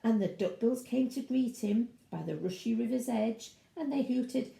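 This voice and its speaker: A woman's voice: a little high, moderate pace, vocal fry, few pauses, dark tone. A woman reading a children's storybook aloud at home with chatty asides to her young listeners, as a teacher would. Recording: roomy echo.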